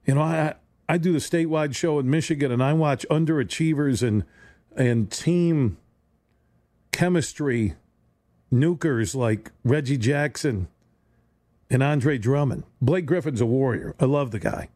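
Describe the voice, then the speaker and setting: Here a sports radio host speaks in a warm, mid-range voice at an unhurried pace, with no room sound on the studio microphone. He rambles through a sarcastic solo monologue, often stumbling and starting over.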